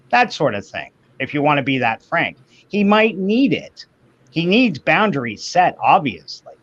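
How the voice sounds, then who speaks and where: A man talking in a casual online chat with a slightly raised voice, laying out his views in slow, deliberate phrases. He acts out the voices of people he quotes. The audio is dull and lo-fi. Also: fairly high pitch, sing-song, a bit bright.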